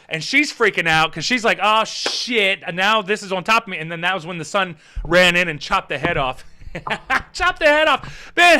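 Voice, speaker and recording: A man with a high-sitting voice recaps a movie on a casual live stream. He's excitable and profane, frequently laughing as he retells the scenes.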